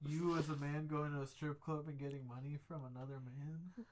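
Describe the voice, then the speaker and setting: A young man co-hosting a casual podcast, ribbing his friends with deadpan remarks. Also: on the high side, a little fast. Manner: teasing, deadpan. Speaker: podcast co-host. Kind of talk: casual chat.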